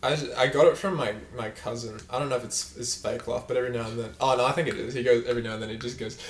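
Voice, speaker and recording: A man's voice: mid-range voice, fairly even intonation, racing, slight background noise. Rambling joking man in a roomy room. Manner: rambling, joking, with a loud fake laugh. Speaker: podcast co-host. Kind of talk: casual podcast chat.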